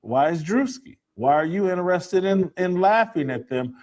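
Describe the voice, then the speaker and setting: A man's voice: high voice, animated, moderate pace, darkish tone. A man giving opinionated commentary and firing off rhetorical questions.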